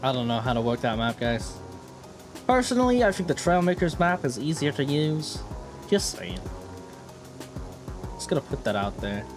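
A young man streaming a flight game, joking and reacting loudly, swinging between mock calm and yelling. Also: medium pitch, normal speed, pauses often, faint music behind. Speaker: gaming streamer. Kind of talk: live gameplay commentary.

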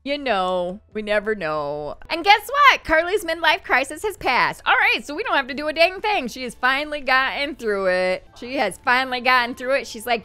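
Upbeat woman chatting through her game, bright crisp voice, laughs a lot, faint music behind. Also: high voice, sing-song, moderate pace, hardly any pauses. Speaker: gaming channel host. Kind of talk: casual gameplay commentary.

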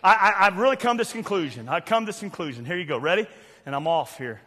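An older man with a Southern US accent preaching a fiery sermon, loud and preachy with sudden shouts and quiet asides. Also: high voice, sing-song, rapid-fire, husky. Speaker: pastor. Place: church sanctuary. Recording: long church hall reverb.

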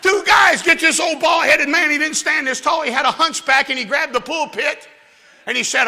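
A man giving his testimony to a church youth rally, telling it as comic, animated preaching that swings from hushed asides to shouting. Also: very high voice, moderate pace, gravelly, a little hiss or hum. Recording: long hall reverb from a church venue.

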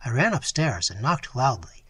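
Husky, animated male audiobook narrator. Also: mid-range voice, moderate pace, dry recording. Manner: dramatic, animated storytelling. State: voice strained from long reading. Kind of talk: expressive audiobook reading of gothic fiction.

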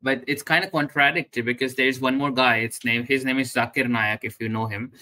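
A man from India calls into a live panel, putting his questions in a halting, hesitant way. His voice has a bright edge. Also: mid-range voice, fairly even intonation. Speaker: caller. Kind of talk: live stream call-in questions.

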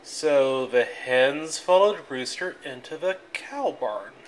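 A reader reading a children's picture book aloud in a clear, expressive way. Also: medium pitch, slow pace, slight background noise.

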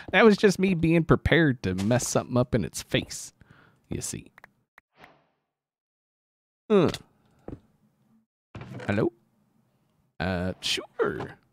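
A young man streaming a game, chatting casually and goofily, his voice a little rough from sickness and lack of sleep. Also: mid-range voice, extremely slow, pauses often, no room sound. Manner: animated, excitable, goofy. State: slightly sick, sleep-deprived voice. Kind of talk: casual live-stream chat.

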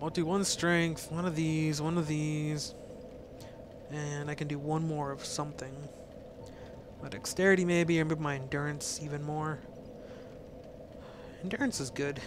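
A young man with a sore throat chats his way through a video game, his voice on the higher side. He talks in a jittery, casual manner and swears freely. A faint hiss sits under the recording. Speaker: let's play host. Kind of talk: casual gameplay commentary.

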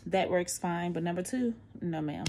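A middle-aged woman talks into her phone at home, her voice sitting a little low. She sounds out of breath and tired, chatting candidly in a casual vlog. Faint room noise stays in the background. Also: normal speed, darkish tone. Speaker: vlogger. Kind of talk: casual post-surgery recovery vlog.

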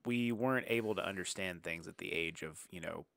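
Low-voiced man, dry close sound. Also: a little fast, vocal fry, fairly bright tone, dry recording. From Southern US. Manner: rambling, lots of filler and restarts, swears casually. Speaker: podcast co-host. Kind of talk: casual movie chat.

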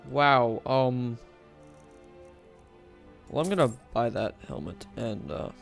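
A goofy young man giving excitable, jokey commentary while he plays a video game. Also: mid-range voice, takes it slowly, creaky, faint music behind. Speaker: gamer, video host. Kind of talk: casual let's-play commentary.

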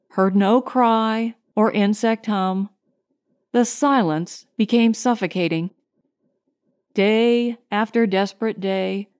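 A woman reading a science fiction short story aloud in a measured, grave storytelling manner. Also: on the high side, a little mellow. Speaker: audiobook narrator. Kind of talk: scripted narration.

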